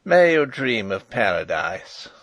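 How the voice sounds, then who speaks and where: A man's voice: medium pitch, big pitch swings, takes it slowly, a bit bright, dry recording. A man voicing a mocking English ruffian of a jailer, with a harsh, grating, sneering voice.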